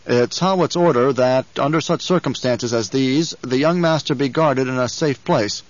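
A man voicing a dutiful, blunt guard officer who reports loudly and respectfully in an audiobook reading. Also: mid-range voice, normal speed, no echo, dull audio, lightly acted.

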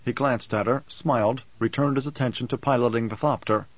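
A man's voice: medium pitch, steady tone, a little fast, no echo. Man narrating an audiobook, dry sound. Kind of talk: scripted narration. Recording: dull dry close recording.

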